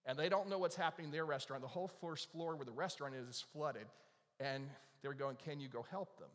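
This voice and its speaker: A man's voice: a little high, fast talker. A man preaching a conversational sermon, telling a story and asking the audience questions. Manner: animated, asks the audience questions. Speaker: pastor. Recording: long reverb of a large hall.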